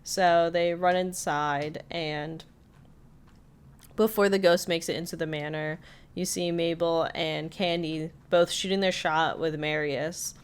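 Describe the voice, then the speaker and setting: A woman co-hosting a casual podcast, retelling cartoon scenes and jumping into quick voices for the characters' lines. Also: fairly low pitch, steady tone, clean tone. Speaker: podcast co-host recapping a cartoon episode.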